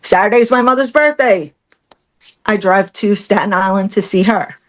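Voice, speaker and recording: Middle-aged woman telling her story on a podcast, animated, acts out quotes, laughs a lot. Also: mid-range voice, moderate pace. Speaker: podcast guest. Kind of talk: personal storytelling in conversation.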